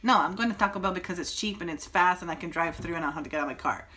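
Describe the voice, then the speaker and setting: Lower-voiced woman bluntly reviewing food. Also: rapid-fire. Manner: blunt, animated complaining. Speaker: co-host of a vegan food review channel. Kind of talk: casual food-tasting chat.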